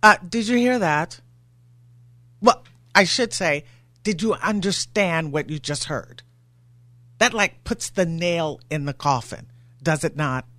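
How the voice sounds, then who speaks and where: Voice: medium pitch, slow, pauses often, no room sound. Worked-up talk radio host. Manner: animated, gets worked up, rhetorical questions. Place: radio studio.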